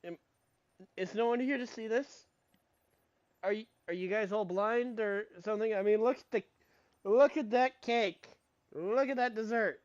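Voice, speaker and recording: A man streaming a game and chatting casually, brash and swearing a lot, bursting into shouts. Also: high voice, a little slow, pauses often, no echo, muffled recording. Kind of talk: casual gaming chat.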